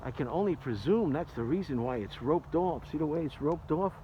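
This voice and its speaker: A man's voice: a little high, animated, a little fast, muffled recording, slight background noise. An older retired man rambling and joking as he films a casual walking vlog outdoors. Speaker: vlogger. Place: outdoors in an arboretum.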